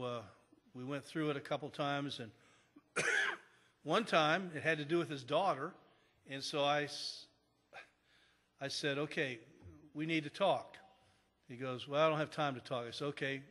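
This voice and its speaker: A man's voice: on the high side, measured pace, pauses often, a bit bright. A man preaching a sermon as pastor, telling stories in a conversational way with frequent restarts. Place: church sanctuary. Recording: long church hall reverb.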